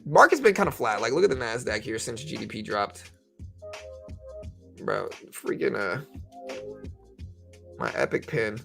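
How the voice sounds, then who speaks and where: A man's voice: mid-range voice, lively intonation, unhurried, vocal fry, long pauses, music in the background. A man giving rambling, casual live-stream commentary on trading, talking to his viewers with lots of fillers. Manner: rambling, conversational, full of fillers.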